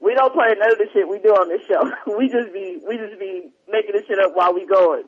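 A man's voice: high voice, fast. A man hosting a talk show in casual chat, reading listener emails in a rambling, easily distracted way. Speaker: podcast host. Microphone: headphones, remote line. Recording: dull lo-fi sound.

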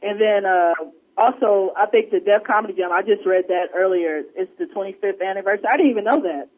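A man on a podcast in casual chat, telling stories with lots of energy and acting out what people said. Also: quick pace. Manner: animated storyteller, acts out quotes in a higher voice. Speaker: podcast co-host. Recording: dull lo-fi sound.

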